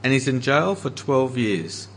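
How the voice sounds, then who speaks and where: Pastor guy preaching, earnest, slows down on the bible bits, slight hum in the room. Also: mid-range voice, very animated, a bit bright. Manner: earnest preaching, slowing for emphasis on scripture quotes. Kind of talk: sermon.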